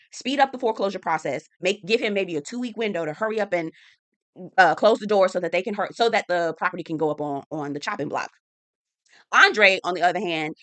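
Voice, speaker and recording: Sassy, bright-voiced woman recapping TV. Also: mid-range voice, dry recording. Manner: chatty, animated, slangy, sassy asides. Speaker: TV recap host. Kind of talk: casual episode recap and review.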